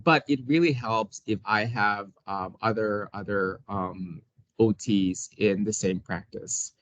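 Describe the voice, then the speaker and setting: A man's voice: lowish voice, slow pace, a bit bright, no room sound. A man, an occupational therapist, talking casually as an interview guest, hesitant with many restarts and frequent laughs.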